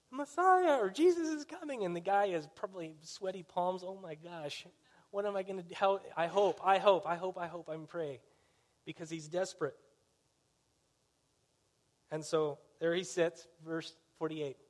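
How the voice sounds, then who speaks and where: A pastor preaching a sermon in a conversational storytelling way, often asking the listeners questions. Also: male voice, high voice.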